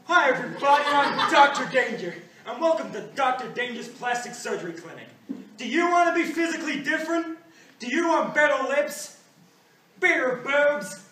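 A woman's voice: high voice, animated, moderate pace, bright, forceful tone. A teenage girl playing Doctor Danger, a smarmy male TV plastic surgeon who calls everyone darling, in a school drama sketch. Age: teens. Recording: echoey room, far from mic, noisy.

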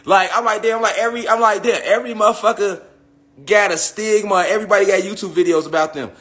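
A man's voice: sits high, steady tone, fast talker, a bit bright. A young man delivering a heated, profane monologue rant to his online followers, repeating himself and firing off tag questions. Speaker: online spiritual commentator.

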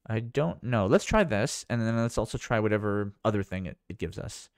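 Man, tech vlogger, casual demo commentary, rambling, amazed, lowish voice, dry sound. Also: animated, brisk, vocal fry, no echo. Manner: rambling, thinking aloud, amazed.

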